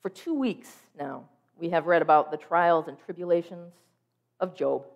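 A woman preacher delivering a sermon, telling a personal story in a vivid, expressive way. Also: on the low side, moderate pace, vocal fry, dull audio.

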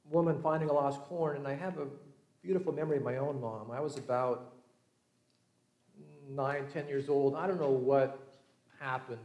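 A pastor from Southern California preaches a sermon, telling stories and acting out the voices of the people in them, moving from lively to hushed. His voice is a little high and sounds like it's in an echoey room.

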